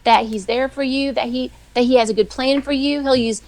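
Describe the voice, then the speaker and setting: A middle-aged woman, a weekly guest who writes devotionals, telling faith stories in a chatty, animated way. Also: sits high, a little fast. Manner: chatty, animated, acts out quoted voices. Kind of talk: casual faith storytelling on a live show.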